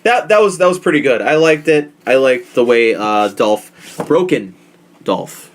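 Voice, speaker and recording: A man's voice: medium pitch, unhurried. Profane rambling male podcast host. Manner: rambling, profane, animated storytelling. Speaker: podcast host recapping wrestling. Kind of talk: casual chat.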